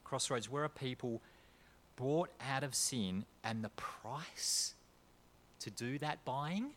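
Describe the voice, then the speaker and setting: A man with an Australian accent preaching a sermon as a pastor, moving between quiet storytelling and loud, emphatic points. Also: medium pitch, expressive, slow, slight background noise.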